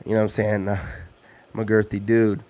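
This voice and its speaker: Fairly quick and completely flat, his lowish voice has a darkish tone. He's the host of a casual live stream, chatting loosely with lots of slang and filler phrases such as "you know what I'm saying."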